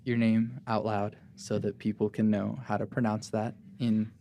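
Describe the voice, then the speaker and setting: A man's voice: fairly low pitch, little pitch movement, normal speed, creaky, warm tone, slight background noise. A young man from Oklahoma hosting a casual interview podcast, easygoing and laughing often. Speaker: podcast host.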